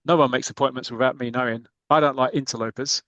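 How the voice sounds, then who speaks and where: A man's voice: mid-range voice, steady tone, quick pace, a bit bright, no room sound, dull audio, natural voice. A man voicing a cocky, tough American stuntman with a brash, swaggering manner.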